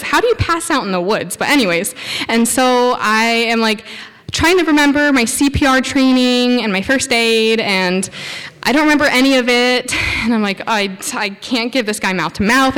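A woman telling a personal anecdote to an audience, animated, acting out her own quoted thoughts and saying "like" often. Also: fairly high pitch. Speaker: storyteller. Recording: long hall reverb.

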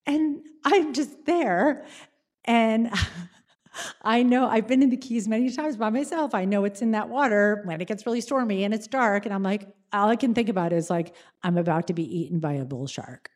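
A woman telling a personal story to an audience, animated and dramatic, slowing down for suspense. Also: medium pitch.

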